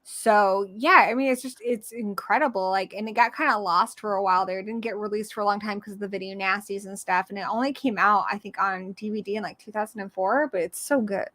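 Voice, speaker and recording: A woman's voice: mid-range voice, fairly quick, few pauses, fairly bright tone, no echo. A woman co-hosting a casual horror movie livestream, chatting at length about film history in a rambling, enthusiastic way. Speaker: podcast co-host.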